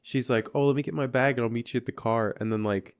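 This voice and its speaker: Casual co-host, profane and lively. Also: mid-range voice, fast, clear, resonant tone. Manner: lively, profane, acts out characters' lines. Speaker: podcast co-host. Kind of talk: casual movie recap chat.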